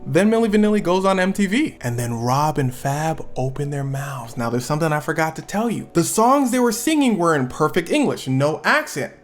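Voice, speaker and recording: A man's voice: a little high, lively intonation, fairly quick, few pauses, faint music behind. A man telling a story in a casual, slangy, comedic narration style with playful asides. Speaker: storyteller and channel host.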